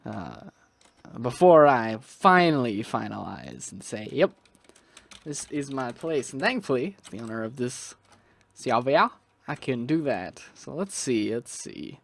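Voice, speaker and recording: A man's voice: medium pitch, big pitch swings, measured pace, creaky, dry recording. A young man giving casual, rambling commentary on his own gameplay, thinking aloud with lots of restarts and asides. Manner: rambling, self-talking, musing aloud with restarts. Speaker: gaming video creator.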